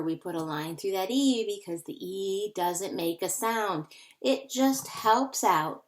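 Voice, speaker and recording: A woman teaching a phonics lesson to young children, patiently repeating words to sound them out. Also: lowish voice.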